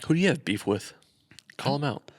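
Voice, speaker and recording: A man's voice: medium pitch, lively intonation, fairly quick. A young man co-hosting a podcast in casual chat, joking and playful, fond of calling people out. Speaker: podcast co-host.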